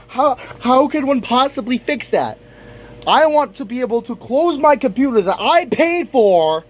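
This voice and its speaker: A young man, a student vlogger, ranting to the camera in exasperation, swearing constantly and breaking into shouts. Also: very high-pitched. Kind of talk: profane rant to camera.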